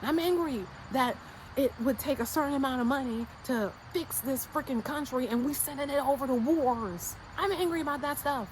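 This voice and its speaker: American woman vlogger, a little high-voiced, blunt and slangy, repeats herself for emphasis. Faint noise behind her. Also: normal speed, rough recording. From United States. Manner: fired-up and insistent. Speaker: YouTube creator. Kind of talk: casual motivational rant to camera.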